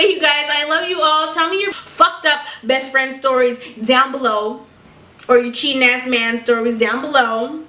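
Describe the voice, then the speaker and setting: A young woman telling a story in a casual vlog, animated, sassy and full of swearing. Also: on the high side, a little slow, echoey room, distant mic. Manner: animated, profane, sassy and dramatic. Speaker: vlogger.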